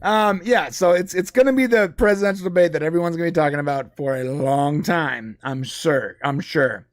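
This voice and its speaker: A man chatting casually as a podcast co-host. His voice sits fairly high for a man and sounds dry and close to the mic. He talks loosely, with restarts and fillers. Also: moderate pace, no room sound. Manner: conversational, with frequent restarts and fillers. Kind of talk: casual live-stream chat.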